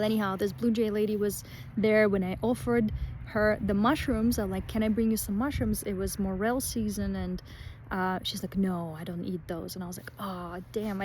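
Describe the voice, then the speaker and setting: A woman vlogs outdoors among pine trees, rambling warmly through fillers and restarts. Her voice is mellow and mid-pitched. A faint hiss of outdoor noise runs underneath. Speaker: vlogger. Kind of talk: casual spiritual vlog.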